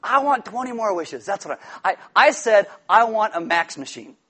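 A man preaching a sermon, telling a childhood story with lively quoted voices and asides. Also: sits high, normal speed. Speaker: pastor.

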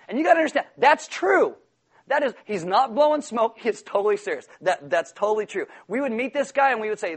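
A man preaching a sermon, animated and acting out the voices of people in his examples. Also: sits high, fairly quick, breathy edge. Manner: animated, acts out quoted voices. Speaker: pastor.

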